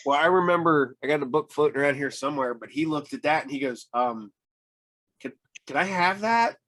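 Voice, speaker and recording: Speaking quickly with a medium, slightly bright voice and fairly flat intonation, a man hosts a laid-back podcast. His anecdotes wander, lean heavily on fillers, and include impressions of what others said.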